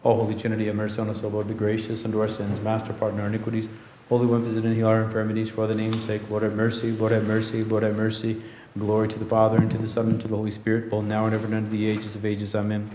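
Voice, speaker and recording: Man rattling off prayers in a monotone. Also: fairly low pitch, a little hiss or hum. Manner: rapid monotone chanting of fixed prayers. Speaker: chanter at a monastery service. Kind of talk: liturgical chanting of prayers. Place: church. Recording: dull echoey church audio with faint ambience.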